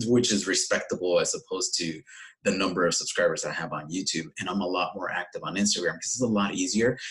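A man guest on a casual podcast, giving animated, emphatic advice with frequent restarts. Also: low voice, low-quality recording. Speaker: podcast guest, watch reviewer.

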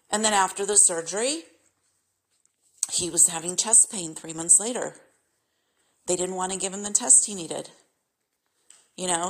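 Middle-aged woman, podcast host, mid pitch, exasperated and emphatic personal rant. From California, United States. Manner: exasperated, emphatic, repetitive complaints.

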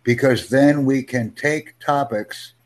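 A man teaching an English conversation lesson over a video call, upbeat and encouraging, speaking in simple, slowed-down phrases. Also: mid-range voice. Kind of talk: live online English lesson.

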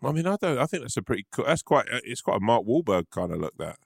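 A man's voice: mid-range voice, very animated, quick pace, gravelly, no room sound. A man co-hosting a podcast in loose, comedic chat, often laughing. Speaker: podcast co-host.

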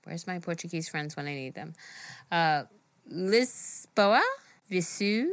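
A woman's voice: lowish voice, lively intonation, slow pace, dry recording. A woman co-hosting a casual chat show, laughing often and swearing freely. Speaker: co-host.

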